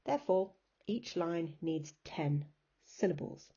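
A woman's voice: fairly low pitch, measured pace, mellow, lo-fi sound, slight background noise. A woman teacher giving a recorded remote lesson, patiently explaining step by step and chanting rhythms aloud. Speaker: English teacher.

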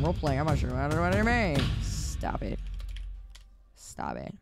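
A woman's voice: deep voice, huge pitch swings, normal speed, creaky, soft background music. A tired woman streaming a game, chatting casually with her viewers in an exasperated, laughing manner on a close mic. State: tired from staying up. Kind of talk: casual live-stream chat while gaming. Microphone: close desk mic.

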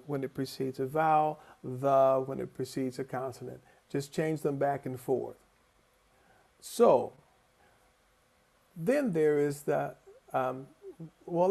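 A choral conductor giving a conference lecture over a video call, telling personal stories in an animated way and acting out the voices he quotes. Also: medium pitch, slow pace, gravelly.

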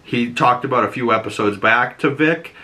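A man's voice: medium pitch, normal speed, pushed and bright. A man hosting a podcast, recapping a TV episode in a loose, chatty way with plenty of swearing and filler words. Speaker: podcast host.

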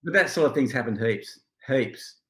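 A man's voice: mid-range voice, normal speed, roomy sound. A middle-aged Australian man, a guest on a podcast, telling stories in a casual chat with frequent laughter. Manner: storytelling, laughing, animated.

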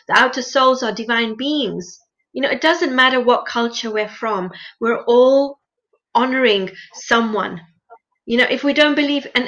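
Earnest woman teaching meditation, lo-fi sound. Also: a little high. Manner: earnest, gently instructive, repeats phrases for emphasis. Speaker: interview guest, meditation teacher. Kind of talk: conversational interview. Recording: lo-fi muffled sound.

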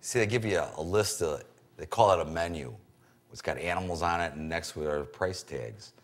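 A man's voice: sits low, fairly quick. A male trader speaking bluntly and wryly in a documentary interview.

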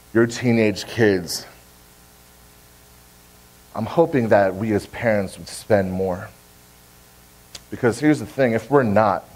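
A man's voice: mid-range voice, rough recording. A young adult man, a pastor, preaching a sermon in a church in an earnest, direct way, repeating key phrases to press the point. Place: church sanctuary.

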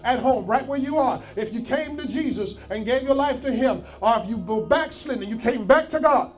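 A man preaching a sermon as pastor, rising from quiet encouragement to shouted pleas with urgent repeated calls. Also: extremely high pitch. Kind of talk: sermon with altar call.

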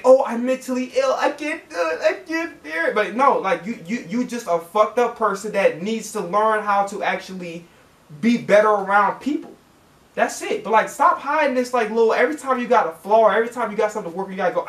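A man's voice: sits high, a bit bright, far from the mic. A man hosting a reaction video, ranting bluntly in a rambling, profane way. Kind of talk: casual ranting commentary. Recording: echoey room, voice off-mic.

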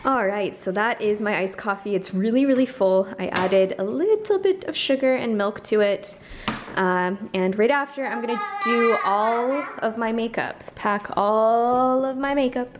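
Thirties woman home vlogger, upbeat and chatty, slightly high voice, faint background hiss. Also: a little slow. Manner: bubbly, chatty, laughs often. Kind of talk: casual vlog chat. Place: home kitchen and vanity.

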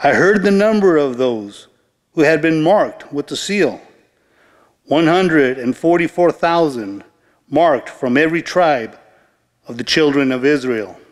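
A man with a fairly high voice reads scripture at Mass in a slow, measured, solemn way. His words ring out in a large church with a long, lingering reverb. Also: lively intonation. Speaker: lector. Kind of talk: liturgical scripture reading.

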